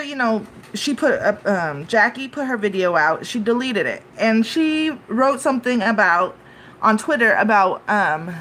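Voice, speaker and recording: A young woman giving unscripted live commentary on a YouTube dispute, upset and halting, with many restarts and "you know" fillers. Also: on the high side, a bit bright, slight background noise.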